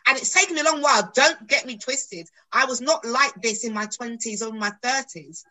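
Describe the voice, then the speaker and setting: This is a woman in middle age who tells anecdotes from her acting career in a relaxed podcast chat. Her voice is bright and ringing, and she brings the story to life by acting out what each person said. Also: on the high side, moderate pace, poor audio. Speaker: guest actress.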